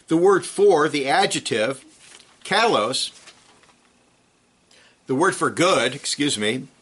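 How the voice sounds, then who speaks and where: A man preaching an expository sermon, reading scripture and explaining Greek words in a measured way. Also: medium pitch, bright, forceful tone.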